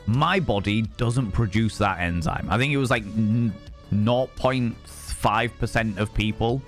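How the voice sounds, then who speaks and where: Chatty, cussing streamer. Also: male voice, on the low side. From Yorkshire, England. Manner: chatty and swearing, greets viewers warmly by name. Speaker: livestream host. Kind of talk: casual live-stream chat.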